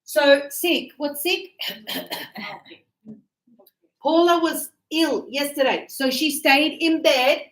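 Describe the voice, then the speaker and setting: A woman with a high, fairly bright voice teaches an English grammar lesson to her class, explaining patiently with examples and encouraging her students. She speaks slowly and leaves long pauses, and the classroom sound is echoey.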